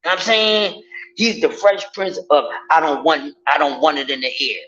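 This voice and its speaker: A man rants casually to his viewers. His voice sits a little high, and he speaks in an animated, profane, mocking way. The recording sounds dull and lo-fi. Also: moderate pace. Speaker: vlogger. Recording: dull lo-fi audio.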